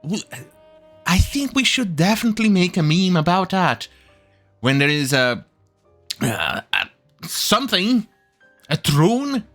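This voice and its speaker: Hosting a commentary video, a man rants with heavy swearing and scorn, frequently stumbling and restarting his sentences. His voice is high, bright and forceful.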